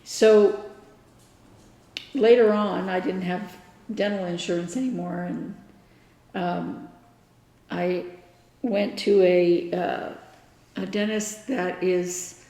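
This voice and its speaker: A woman's voice: lowish voice, fairly even intonation, slow pace, pauses often, dark tone. A woman co-hosting a casual podcast, telling a personal story in an earnest, explaining way. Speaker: podcast co-host. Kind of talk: casual chat. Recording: echoey room.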